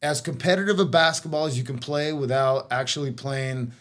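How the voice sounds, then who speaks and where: A man's voice: medium pitch, a little fast, fairly bright tone. Middle-aged male guest, chatty rambling storyteller, fillers and restarts, slight cough. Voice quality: coughing now and then. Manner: rambling, lots of "like" and "you know", restarts. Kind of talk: casual storytelling chat.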